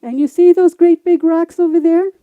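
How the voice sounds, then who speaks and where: A woman's voice: very high voice, steady tone, moderate pace, no room sound, voice pushed up. A woman voicing a firm animal moderator keeping order at a council meeting in a folk tale. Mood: commanding. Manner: commanding, loud, orderly.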